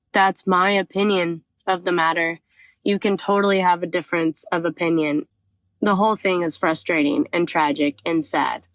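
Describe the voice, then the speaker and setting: A woman talking casually and earnestly, reflecting as she thinks out loud. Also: on the low side, no echo.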